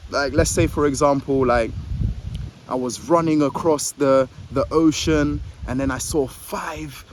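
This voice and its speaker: A man's voice: mid-range voice, measured pace. A young man giving casual advice to the camera outdoors in a park. He rambles, fills gaps with "like", and stammers a little. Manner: rambling, filler-heavy, says "like" a lot; a little jittery, stammers on words. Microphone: phone or camera held facing him. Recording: outdoor street noise with passing traffic.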